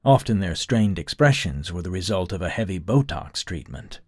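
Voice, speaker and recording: A man reading an audiobook in an even, wry storytelling manner. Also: low-pitched, normal speed, slightly rough, no echo, studio quality. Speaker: audiobook narrator. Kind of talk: scripted narration.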